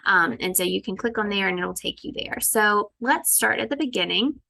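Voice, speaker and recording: A woman teacher walking through a recorded lesson, slipping into a sing-song classroom voice and sounding out letters slowly. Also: mid-range voice, animated, gravelly, sharp tone.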